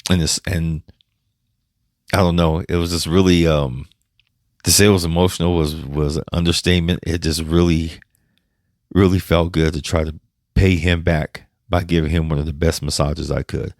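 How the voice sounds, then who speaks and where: A man with a very deep, low voice that stays flat and level, sounding dry and close with no room around it. He talks as a podcast host sharing a personal story, halting and emotional, stopping and restarting and swearing now and then. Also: no echo.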